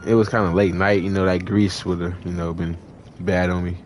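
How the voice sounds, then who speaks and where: A man's voice: flat delivery, normal speed, a little hiss or hum. A young man telling a long story in casual chat, rambling with lots of fillers and acting out the people in it. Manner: rambling, heavy on fillers, acts out others in high voices.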